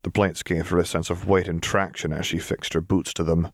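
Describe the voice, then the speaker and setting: A man reading a fan-fiction story aloud as narrator, with steady storytelling. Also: deep voice, a little fast, no room sound, studio quality. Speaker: audiobook narrator. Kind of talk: scripted narration.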